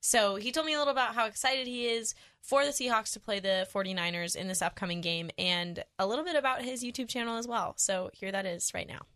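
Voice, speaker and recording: Woman radio host, chatty and upbeat, bright tone, close dry mic. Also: on the high side, no echo. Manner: upbeat, chatty, quick to laugh. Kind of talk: casual radio chat. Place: radio studio.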